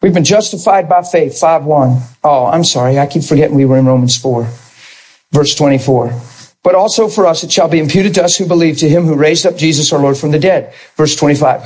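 A husky-voiced man preaches a sermon with a fairly high voice. He is animated, drops into soft asides and climbs to high, straining peaks. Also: poor audio. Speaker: pastor.

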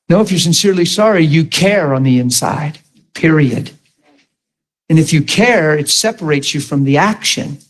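A middle-aged man preaching a sermon, telling stories and acting out the dialogue with animation. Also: a little high. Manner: animated storytelling, acts out dialogue.

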